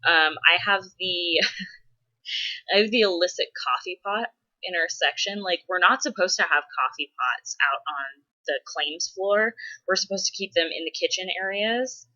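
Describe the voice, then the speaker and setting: A woman's voice: lowish voice, a little slow, pushed and bright, highs cut off. A woman vlogging casually, answering follower questions in a chatty way with frequent laughs and dramatic exasperated asides. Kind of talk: casual chat.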